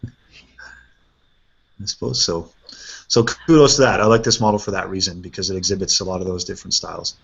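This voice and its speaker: A man hosting a casual chat, reviewing painted miniatures in a relaxed way and thinking aloud with fillers. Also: deep voice, normal speed, creaky, long pauses, husky. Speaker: host. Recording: dull lo-fi sound.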